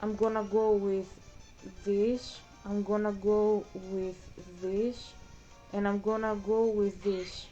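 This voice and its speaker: A woman's voice: medium pitch, flat delivery, slow, mellow, highs cut off, soft background music. A woman streaming a game, chatting casually in a rambling way, repeating herself and breaking off for game moves. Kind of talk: casual livestream chat while gaming.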